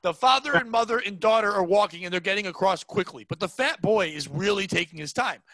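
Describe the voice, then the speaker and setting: High, bright-voiced man telling a rambling story. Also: fairly quick, no echo. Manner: rambling, animated storytelling with frequent "like". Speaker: comedian guest. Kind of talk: casual storytelling chat.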